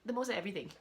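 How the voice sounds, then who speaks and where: An animated woman hosts her podcast in a casual, chatty way. She talks straight to her listeners and keeps their attention in a mid-range voice. It is recorded as she sits in front of her camera. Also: medium pitch. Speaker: podcast host. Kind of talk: casual chat. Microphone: camera with audio.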